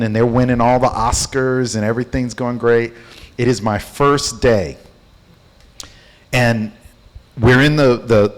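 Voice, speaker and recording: A man from Houston, a company founder, tells a story in an interview. He is animated and acts out the people he describes. His delivery has the easy rhythm of a practiced storyteller. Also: on the low side. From Houston, Texas.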